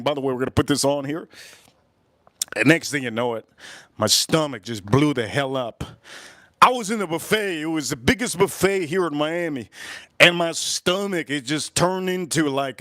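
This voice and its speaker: A man hosting a live grilling stream, telling an animated story and repeating phrases for emphasis. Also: on the high side, no echo, clean studio sound. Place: at a charcoal grill.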